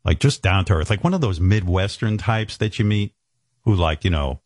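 Host, new guy, low voice, lively swoops, rambling and profane, dry close mic. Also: normal speed, no echo. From New York. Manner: profane, rambling storytelling with lots of fillers. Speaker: radio show host. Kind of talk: casual radio show banter.

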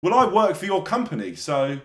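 A man's voice: high voice, very animated, normal speed, a bit bright. Sweary laughing London man, roomy. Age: young adult. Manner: laughing, sweary, mock-solemn asides. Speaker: podcast co-host. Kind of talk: casual banter.

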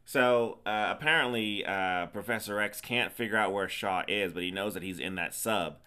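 A man's voice: on the low side, moderate pace, bright, forceful tone, smooth. A man co-hosting a podcast, retelling a film's plot in casual chat with a teasing, emphatic manner. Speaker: podcast co-host. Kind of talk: casual movie recap chat.

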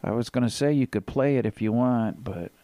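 A man's voice: medium pitch, brisk, warm tone, dry recording. A man co-hosting a casual sports podcast, rambling and reading stats aloud. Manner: rambling, reads stats aloud, sings little sound effects. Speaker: podcast co-host.

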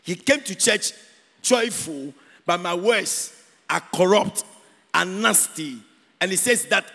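A man's voice: sits high, animated, takes it slowly, vocal fry, pauses often, pushed and bright. A man from Ghana preaching a sermon in a church, emphatic, repeating key words and singing out phrases. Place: church hall. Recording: echoey church hall with long reverb.

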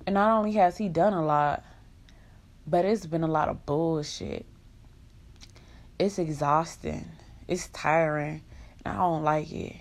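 A woman's voice: low-pitched, steady tone, measured pace, long pauses. A young woman in an emotional vlog rant, venting in raw, profane country slang.

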